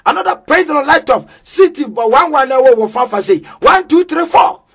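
A man with a Ghanaian accent preaching a sermon in a sing-song cadence with sudden shouts. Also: very high voice, animated, normal speed.

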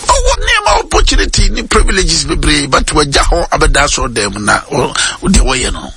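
Guy preaching on a radio show, bright forceful voice, keeps repeating himself, mixes in english. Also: fairly high pitch. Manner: lively preaching, repeats phrases, drops English words into talk. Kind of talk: radio sermon.

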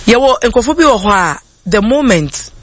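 A woman's voice: a little high, sing-song, normal speed, slightly rough. A woman with a Ghanaian accent hosting a call-in radio show, animatedly giving advice and mixing English with Twi.

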